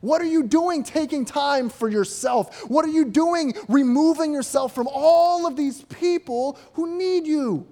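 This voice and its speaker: An anxious male follower, exasperated and firing off nagging questions, as a preacher acts him out. The voice runs high and insistent. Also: a little slow, hardly any pauses, dark tone.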